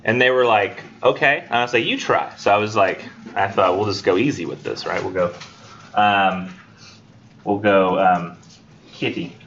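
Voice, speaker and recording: A man's voice: fairly low pitch, normal speed, fairly bright tone, slight background noise. A man, an English instructor giving a casual, rambling classroom lecture, joking and acting out his students. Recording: dull lo-fi classroom recording.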